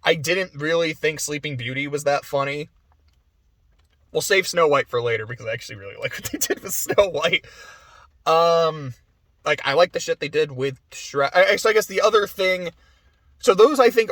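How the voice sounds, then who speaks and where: A man's voice: a little high, lively intonation, moderate pace, fairly bright tone, dry recording. A man giving a casual, rambling movie review, chatty with many fillers and frequent laughs.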